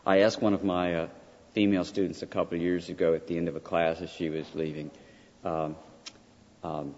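A man lecturing as a college professor, emphatic and often checking in with his listeners with a quick "right?". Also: deep voice, little pitch movement, a little mellow. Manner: emphatic, peppered with "right?" asides. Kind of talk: classroom lecture. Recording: dull lo-fi sound with long hall reverb.

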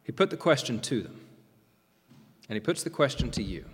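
Animated male preacher in a reverberant hall. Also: mid-range voice, slightly rough. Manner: emphatic, rising and falling delivery with dramatic pauses. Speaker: pastor. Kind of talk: sermon. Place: church sanctuary. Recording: long reverb of a large hall.

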